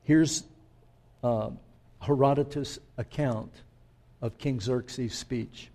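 Male pastor preaching, takes his time, warm dark voice, talks right to the folks. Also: medium pitch, fairly even intonation. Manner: unhurried, storytelling, addresses listeners directly. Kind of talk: sermon.

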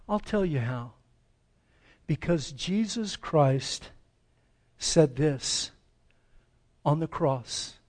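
An American man, a pastor, preaching a dramatic sermon, swinging between loud pleading and slow hushed reading. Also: a little high, lively intonation. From United States. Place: church sanctuary.

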